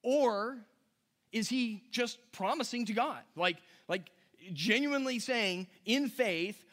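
A man's voice: high voice, slow, fairly bright tone. A man preaching a chatty, conversational sermon, reading scripture aloud and adding casual asides with a few chuckles. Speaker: pastor.

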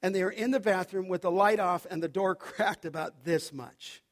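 A male pastor with a high-pitched voice preaches to his congregation. He tells a personal story and plays out the back-and-forth. He keeps asking the room questions. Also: normal speed. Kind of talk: sermon. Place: church sanctuary.

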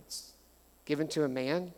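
A middle-aged male pastor delivers a sermon in a warmly conversational, animated way, slipping in light jokes and stories. His voice sits a little higher than most men's. The sound carries a long reverb from the hall around him. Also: moderate pace. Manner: conversational, animated storytelling with humor.

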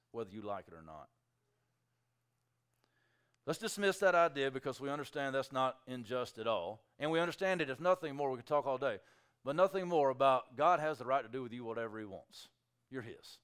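Male preacher, lively pitch, clear ringing tone, acts out objectors' questions. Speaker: pastor. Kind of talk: sermon.

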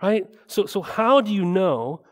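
A man's voice: high-pitched, animated, a little slow. Conversational male pastor in reverberant hall. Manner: conversational preaching with frequent rhetorical "right?" asides. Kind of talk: sermon.

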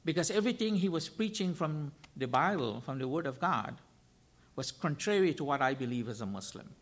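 Guy preaching a sermon, pretty high voice, keeps repeating stuff for emphasis and asking the crowd questions. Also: animated, fairly quick. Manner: emphatic, repeats key phrases, rhetorical questions. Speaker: guest preacher.

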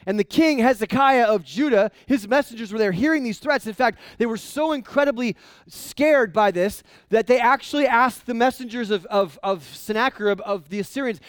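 A male pastor preaching a sermon in a conversational, animated way, often restarting his sentences. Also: very high voice, moderate pace, clean tone, no echo.

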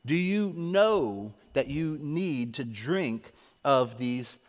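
A man's voice: mid-range voice, lively intonation, drawn-out words. A man preaching a sermon as pastor, driving his points home with repeated questions and calls to come forward. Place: church sanctuary. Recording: echoey hall.

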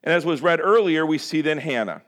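A man preaching a sermon who swings between loud and hushed delivery and acts out prayers and quoted lines. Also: on the high side, animated, a little fast. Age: adult parent. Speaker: pastor.

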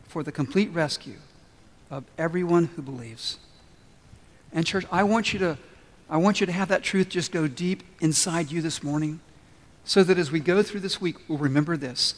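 A man preaching a sermon as pastor, earnest and building to emphatic repeated lines before softening into prayer. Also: fairly high pitch, normal speed, big-room sound. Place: church sanctuary.

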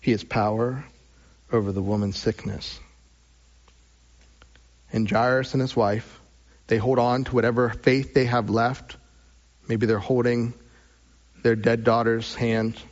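A pastor delivers a sermon, alternating between raised, emphatic lines and hushed, drawn-out phrases broken by long pauses. His voice is mid-range and steady in tone, and the audio sounds dull.

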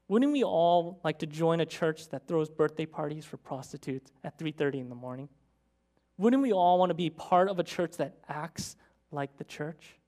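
A preacher telling a story in a sermon, with animated, dramatic storytelling. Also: mid-range voice.

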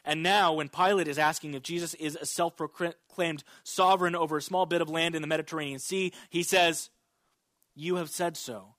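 A male pastor preaching a sermon, reading scripture aloud and stressing words with sharp rises and drops. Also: on the high side, fairly even intonation, a little fast, hardly any pauses, no room sound.

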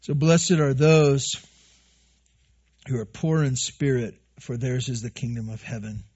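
A man's voice: medium pitch, fairly even intonation, a little slow, darkish tone, husky, highs cut off. A man preaching a sermon as pastor, earnest, repeating his phrases and acting out what his listeners say.

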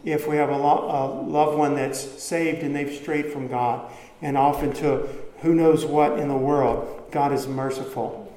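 Earnest preacher in an echoey church. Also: male voice, fairly high pitch, steady tone, unhurried, mellow. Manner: earnest, repeats words, Southern phrasing. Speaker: pastor. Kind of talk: sermon. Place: church sanctuary. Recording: echoey church hall, faint ambience.

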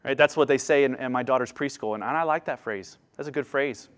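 A man's voice: mid-range voice, quick pace. A man in his thirties preaching a sermon, earnest, his voice climbing and sinking as he restarts phrases. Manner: earnest, rising and falling delivery with frequent restarts. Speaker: pastor.

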